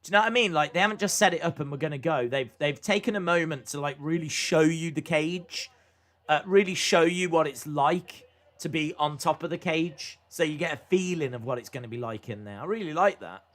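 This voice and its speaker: A man's voice: a little high, a little fast, a bit bright. A young man hosting a casual live reaction stream, chatting and thinking aloud with frequent fillers.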